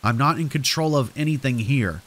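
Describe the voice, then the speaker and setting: A man's voice: medium pitch, fairly quick, fairly bright tone, close to an everyday voice. A man playing a giggling, unhinged stranger. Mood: sly. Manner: giggling, snickering, pushy and frantic. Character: creepy, unhinged middle-aged male stranger.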